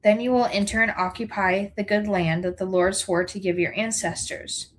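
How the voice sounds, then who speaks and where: A woman reads scripture aloud at a mid pitch, earnest and unhurried. She corrects the odd stumbled word and keeps going. Her delivery is plain and sincere rather than theatrical. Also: fairly even intonation, a little hiss or hum, poor audio. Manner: earnest, unhurried reading with small self-corrections. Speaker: scripture reader.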